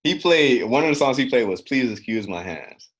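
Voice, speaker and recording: A man's voice: mid-range voice, expressive, normal speed. A young man co-hosting a casual podcast, telling a story with lots of swearing and acted-out quotes. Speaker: podcast co-host.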